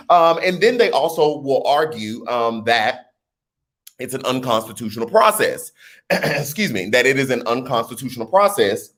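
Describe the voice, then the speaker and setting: Animated New Orleans man explaining politics. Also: mid-range voice, normal speed. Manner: animated, teasing, rhetorical questions, colloquial asides. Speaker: political commentary vlogger. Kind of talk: casual explainer vlog.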